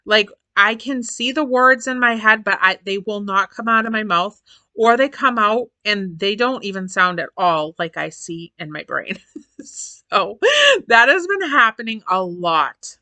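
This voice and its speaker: A woman's voice: mid-range voice, a little slow, bright, forceful tone, no room sound. A woman in her forties chatting casually to camera as a vlogger, repeating phrases for emphasis and laughing often. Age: 40s.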